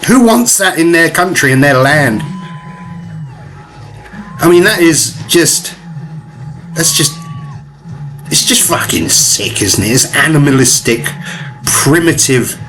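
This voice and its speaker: A man's voice: a little high, expressive, takes it slowly, pauses often, a bit bright, soft background music. A man giving ranting, profane commentary as he reacts to video clips, with mocking laughs.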